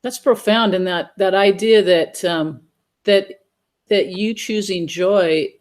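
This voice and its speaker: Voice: mid-range voice, slow. Podcast host, thoughtful and musing, medium voice, interviewer. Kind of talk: interview questions.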